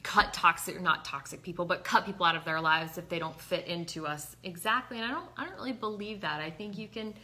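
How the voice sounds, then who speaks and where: Bright-voiced woman host, chatty. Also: fairly low pitch, fast talker, few pauses, slight background noise. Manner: agreeable, frequent affirmations. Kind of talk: casual conversation.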